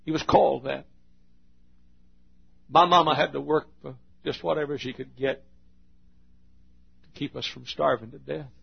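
A gravelly, husky-voiced middle-aged man preaching with fierce intensity. He swings between booming declarations and hushed, confiding stretches. The recording is dull and lo-fi. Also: fairly even intonation, normal speed, pauses often. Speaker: pastor. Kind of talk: sermon.

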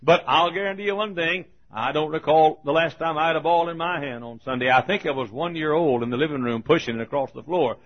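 A man's voice: fairly high pitch, brisk, few pauses, highs cut off. An older man in his seventies, preaching a folksy sermon full of stories, often chuckling.

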